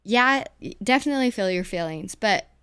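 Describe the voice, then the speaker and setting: Earnest woman with a smooth, dry voice. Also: mid-range voice, lively intonation, brisk, a bit bright, no room sound. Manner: earnest, rambling, emotional at times. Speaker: podcast co-host. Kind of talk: casual podcast chat.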